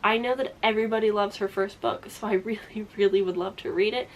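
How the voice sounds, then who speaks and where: A woman's voice: mid-range voice, steady tone, quick pace, a little hiss or hum. Chatty young woman book vlogger. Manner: chatty, self-interrupting, frequent laughs. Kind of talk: casual chat to camera.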